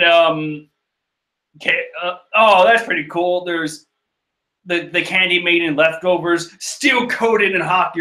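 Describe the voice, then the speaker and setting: A bright, forceful man's voice, pitched a touch high, talks over a screen-shared manga chapter. He rambles, swears, laughs at himself and gets excited about the big moments. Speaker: manga chapter reader and reactor. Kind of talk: casual rambling commentary.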